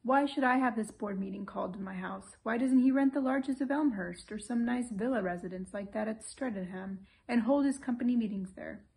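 A woman reading aloud as a fussy old English lord, complaining and plaintive, in a fairly high voice. The grumbling comes in storybook narration without much change from her own tone. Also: normal speed, hardly any pauses, darkish tone, lightly acted.

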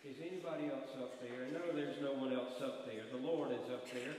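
A man's voice: mid-range voice, steady tone, normal speed, darkish tone, a little hiss or hum. A man preaching a sermon in a church, telling humorous stories and repeating his points for emphasis. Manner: storytelling with humor and emphatic repetition. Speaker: guest preacher. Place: church sanctuary. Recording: echoey church hall, distant mic.

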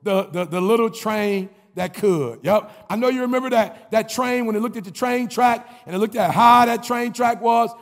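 A man's voice: high voice, moderate pace, gravelly, few pauses, big-room sound. Fired-up man giving a motivational speech. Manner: energetic, preachy call-and-response, sound effects. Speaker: motivational speaker.

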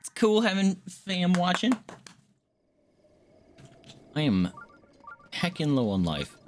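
A woman's voice: on the low side, sing-song, takes it slowly, darkish tone, slight background noise. A young woman giving casual, jokey commentary while she streams a video game and chats with viewers. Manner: chatty, laid-back, jokey.

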